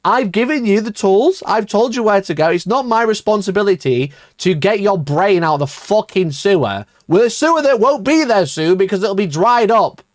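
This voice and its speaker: A man hosting a livestream, answering his chat in a sweary, mocking rant and laughing often, with his voice shooting up high when he gets exasperated. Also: animated, moderate pace, few pauses, no room sound, studio quality. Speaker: livestream host.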